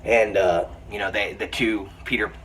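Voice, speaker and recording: An eager man rambles through a casual film review, restarting his sentences as he retells scenes. His low voice sounds bright and forceful. He sits a little back from the mic, with a faint hiss of the room behind him. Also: steady tone, normal speed, distant mic, poor audio.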